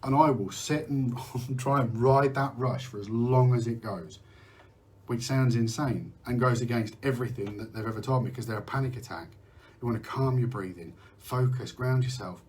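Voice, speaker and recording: A man's voice: medium pitch, moderate pace, a little mellow. A middle-aged man from the UK hosting a candid live talk about mental health, rambling, restarting sentences and swearing now and then. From United Kingdom. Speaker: host.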